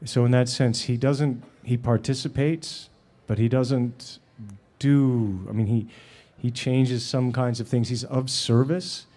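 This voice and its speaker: A man in his forties, an actor and director, answering audience questions with halting, filler-filled anecdotes and frequent laughter, on a stage before an audience. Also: mid-range voice, steady tone, mellow. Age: 40s. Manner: halting, many fillers and restarts; laughs while telling stories.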